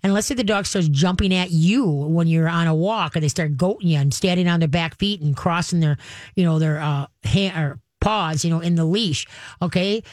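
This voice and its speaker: A woman's voice: lowish voice, a little mellow, no room sound, clean studio sound. A woman hosting a call-in radio show, giving folksy, chatty advice on training pets and acting out little voices as she goes.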